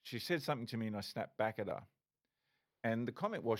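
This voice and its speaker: A man's voice: medium pitch, expressive, fast. A middle-aged man, a former police officer, telling his story candidly as a podcast guest, swearing and restarting often.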